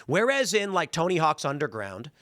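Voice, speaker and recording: A male show host delivers blunt, ranting opinion commentary. His voice sits a little high and bright, with lively swings in pitch. The sound is dry and close. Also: normal speed, no echo.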